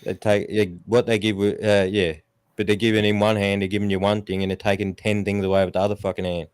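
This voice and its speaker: A man's voice: on the low side, level tone, fast talker, smooth, no room sound. A man, ranting bluntly and profanely in a casual stream chat. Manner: mocks others in raised put-on voices.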